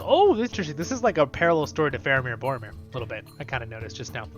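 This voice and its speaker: Chatty, self-mocking gaming host. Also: male voice, mid-range voice, big pitch swings, very fast, soft background music. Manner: chatty, laughing at himself. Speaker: let's play host. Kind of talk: casual gameplay commentary.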